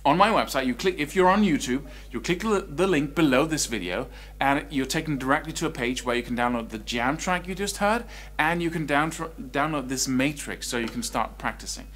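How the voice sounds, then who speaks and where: A man teaching an online guitar lesson, explaining expression in a lively, conversational way. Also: fairly high pitch, brisk. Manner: animated, swings between quiet and loud speech to demonstrate.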